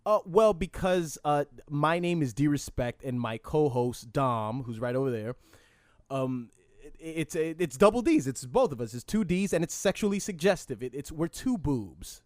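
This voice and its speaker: Male podcast host, brash and jokey, a bit high-voiced, dry close mic. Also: lively intonation, darkish tone, no room sound. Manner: brash, joking, quick bursts. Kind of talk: casual chat.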